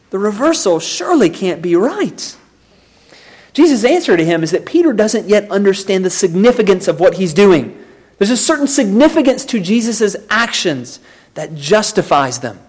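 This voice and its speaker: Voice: mid-range voice, big pitch swings, normal speed, husky. A preacher delivering an expository sermon, emphatic and turning to the congregation with rhetorical questions.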